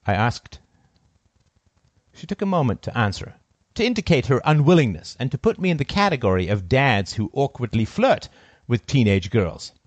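A man narrating a first-person story in a cold, deliberate, sardonic manner. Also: medium pitch, big pitch swings, no room sound, lo-fi sound.

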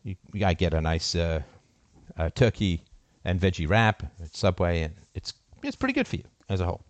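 A middle-aged man hosting a call-in show, speaking emphatically in an impassioned monologue, jumping from loud peaks to low muttered asides. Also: lively intonation, normal speed, no room sound.

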